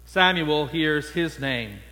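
Storytelling preacher, male, slightly high voice, animated. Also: takes it slowly. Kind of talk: storytelling sermon. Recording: long echo in a large hall.

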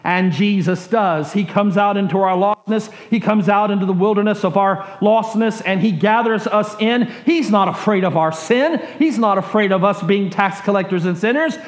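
High-voiced pastor telling a slow story. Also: male voice. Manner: slow repetitive storytelling, trailing off quietly at phrase ends. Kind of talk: sermon with a personal story.

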